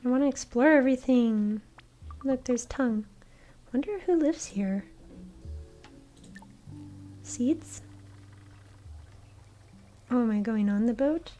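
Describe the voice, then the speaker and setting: A woman's voice: on the high side, slow, pauses often, faint music behind. A woman streamer commenting casually as she plays through a game. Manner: relaxed, wondering aloud.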